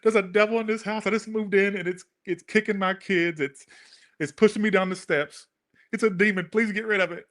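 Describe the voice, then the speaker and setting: A shrill, frantic homeowner woman, as a man puts her on with a voice pushed well above his own, pleading about a demon in her house. Her voice is bright and tense, and she talks in a panicky rush. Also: steady tone, fairly quick. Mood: panicked.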